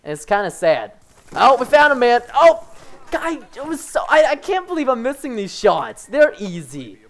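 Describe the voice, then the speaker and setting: Excitable young man with a lively voice. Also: very high-pitched, normal speed. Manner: excitable, jumps between frustration and excited yelps. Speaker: gaming commentator. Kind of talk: live gameplay commentary.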